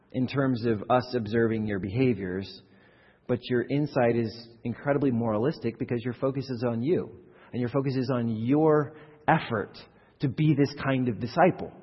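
A man preaching a sermon as pastor, animated and acting out quoted voices, with frequent repeated words. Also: mid-range voice, moderate pace, husky. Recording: muffled hall recording from a distance.

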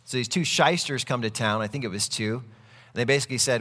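A man's voice: mid-range voice, fairly quick, pushed and bright. Earnest preacher man, echoey hall. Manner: earnest, conversational preaching with storytelling. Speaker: pastor. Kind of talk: sermon.

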